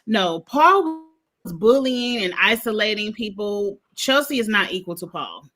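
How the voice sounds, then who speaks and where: A woman's voice: medium pitch, big pitch swings, a little slow, fairly bright tone, faint music behind. A woman co-hosting a casual podcast chat, giving blunt, firm opinions. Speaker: podcast co-host.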